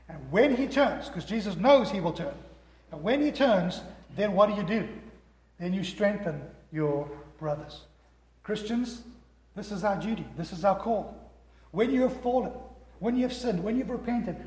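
Emphatic high-voiced preacher man, echoey hall. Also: darkish tone. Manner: emphatic, acts out quoted dialogue. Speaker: pastor. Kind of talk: sermon.

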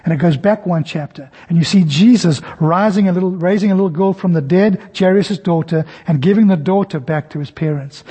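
A man's voice: mellow, breathy edge. A man preaching a sermon, telling the scene as a story and acting out the voices in it. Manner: storytelling, acts out scenes with varied pitch. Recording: long hall reverb.

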